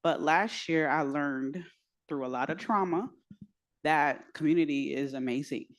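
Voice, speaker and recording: Self-conscious woman sharing quietly. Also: low-pitched, unhurried. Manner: self-conscious, candid, softening to near whisper. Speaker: dinner guest. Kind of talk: reflective group sharing.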